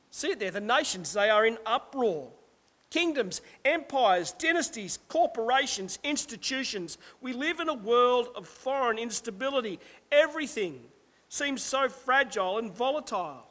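A man's voice: very high voice, lively intonation, measured pace, pushed and bright. A pastor preaching a sermon with emphasis, slipping in rhetorical asides to his listeners. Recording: long reverberant hall.

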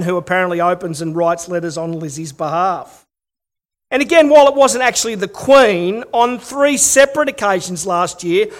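A man's voice: high-pitched, fairly bright tone. A middle-aged Australian man preaching a sermon, telling stories with wry humor and rhetorical questions. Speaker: pastor.

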